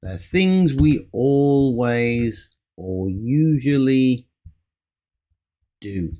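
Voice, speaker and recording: A man's voice: mid-range voice, animated, extremely slow, warm tone. A man teaching an English speaking lesson, patiently modelling example answers and stressing key words. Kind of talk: slow, patient ESL lesson.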